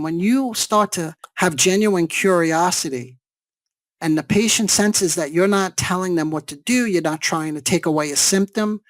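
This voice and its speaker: A man's voice: high-pitched, dry recording. A man giving a seminar lecture on therapy, explaining step by step and checking in with rhetorical questions. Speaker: psychologist teaching a seminar.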